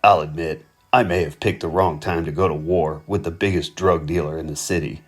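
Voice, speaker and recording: A man voicing Hank, a gruff, profane male criminal with a low, weary drawl. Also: fairly even intonation, a little fast, soft background music. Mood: wry.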